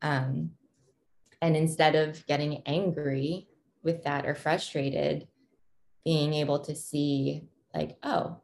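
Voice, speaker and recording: A woman's voice: low voice, little pitch movement, slow pace, darkish tone. A woman in her thirties, a parent, talking thoughtfully and casually, with frequent ums and restarts. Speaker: parent sharing her experience. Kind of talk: reflective casual conversation.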